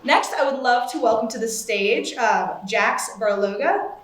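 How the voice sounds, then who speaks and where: A woman's voice: a little high, a little slow, reverberant, very noisy. A woman hosting a live event on stage, chatting as she introduces each speaker. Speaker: event emcee.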